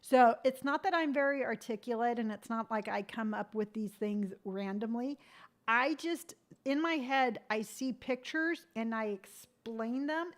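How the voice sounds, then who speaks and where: A woman in her fifties with a fairly high voice talks straight to her livestream viewers. She sounds earnest and animated, slipping into other people's voices to act out their remarks. Her encouragement comes with a firm, tough-love edge. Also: measured pace. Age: 50s. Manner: tough-love pep talk. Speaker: livestream host. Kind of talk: motivational livestream chat.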